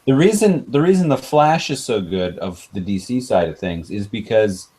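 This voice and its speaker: A man's voice: lowish voice, lively intonation, normal speed, warm tone. A man hosting a casual podcast chat, talking enthusiastically in bursts with restarts. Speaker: host.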